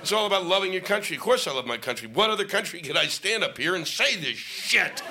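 Middle-aged male stand-up, profane exasperated rant, high lively voice, live-mic noise behind. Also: fast talker, a faint crowd. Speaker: stand-up comedian. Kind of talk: stand-up comedy set. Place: stage before an audience.

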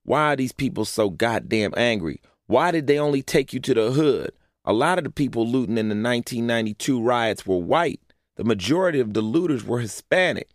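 A man's voice: medium pitch, animated, a little fast, dry recording, studio quality. Blunt, profane man narrating an essay. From Los Angeles, USA. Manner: blunt, profane, fond of rhetorical questions. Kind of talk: narrated reading of a personal essay.

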